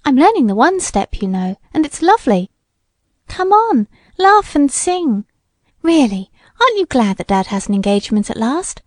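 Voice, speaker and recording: Brief: woman reading as a merry fifteen-year-old girl, high, playful, teasing lilt, dry close sound. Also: very animated, normal speed, darkish tone, no echo. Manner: bubbly, playful, sing-song. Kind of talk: audiobook character voice.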